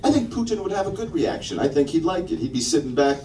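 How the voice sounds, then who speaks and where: A man's voice: on the high side, big pitch swings, fast talker, darkish tone, slight background noise. A man doing a stand-up comedy set, crude and mocking, trying out silly accents. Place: comedy club stage. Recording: roomy club sound from a distant mic. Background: audience laughing.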